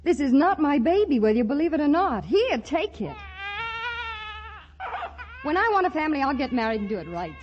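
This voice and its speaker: An actress playing a pert young shop clerk with a chirpy, quick-witted manner, in 1940s radio acting on a dull old broadcast recording. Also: female voice, on the high side, very animated, noisy background. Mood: flustered.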